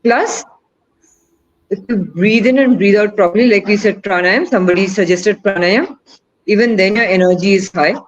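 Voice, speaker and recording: Woman, webinar presenter, coaxing Q&A delivery, muffled call audio, mid pitch. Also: normal speed, a little hiss or hum. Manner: asks the audience questions, coaxing and encouraging. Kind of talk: interactive online teaching talk.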